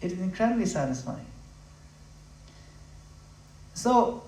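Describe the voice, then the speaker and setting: A fairly high-voiced man preaches with passion, his delivery swelling to loud emphatic peaks and then sinking low and intimate. He sounds conversational, now and then acting out quick voices of listeners. The room is echoey and he stands a little away from the mic. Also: sing-song, a little hiss or hum. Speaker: spiritual speaker. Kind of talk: devotional talk at a home program. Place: room in a home. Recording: roomy, from a distance.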